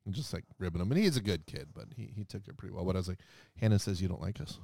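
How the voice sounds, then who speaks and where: A man's voice: low-pitched, expressive, rapid-fire, creaky, warm tone, dry recording. A man chatting casually as a co-host, a father who teases with dry humor and laughs often. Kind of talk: casual profane chat.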